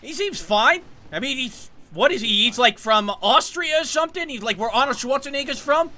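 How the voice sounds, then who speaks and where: A man's voice: extremely high pitch, lively intonation, fairly quick, pushed and bright, heavily acted. A man putting on the voice of Scout, a cocky young shooter-game runner, bragging and rambling in game voice chat. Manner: boastful, rambling, goofy. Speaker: streamer.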